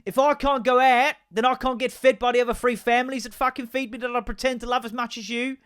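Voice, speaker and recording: A man's voice: very high voice, fairly even intonation, fast talker, fairly bright tone, clean tone, voice pushed up. A man voicing a cheeky, streetwise male house cat with a mock Australian accent, drawling and stretching out his words. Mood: indignant. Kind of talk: comedic bit in a podcast rant.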